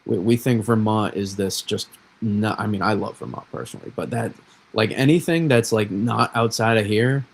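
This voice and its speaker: A man's voice: lowish voice, normal speed, gravelly, slightly rough, poor audio. A man from New England hosting a weather livestream, rambling and self-correcting in casual chat.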